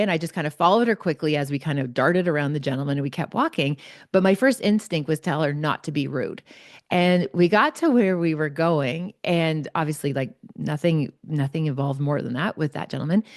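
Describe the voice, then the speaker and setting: A woman host telling a personal story in an animated, chatty way, peppered with "like". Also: sits low, brisk, dry recording, clean studio sound. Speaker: podcast host, psychologist.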